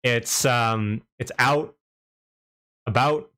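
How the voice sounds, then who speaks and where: A chatty young man with a light Canadian accent hosts a live stream in a relaxed, conversational way. His voice sits at an ordinary middle pitch. He laughs easily and reads viewers' comments aloud as he talks. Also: very slow. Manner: chatty, laughs a lot, reads out chat messages. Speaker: livestream host. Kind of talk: casual live stream chat.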